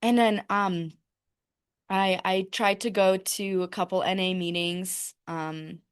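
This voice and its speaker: A woman speaking at a recovery meeting, telling her own story in a halting way, with many fillers and frequent laughs. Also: mid-range voice, fairly even intonation, clear, resonant tone.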